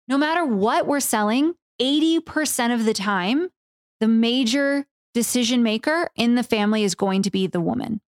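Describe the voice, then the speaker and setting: A woman hosting a solo podcast as a business coach. She talks in a casual, animated way, swears freely, fills her talk with "like" and "right?", and jumps up in pitch for emphasis. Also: moderate pace, no room sound, studio quality.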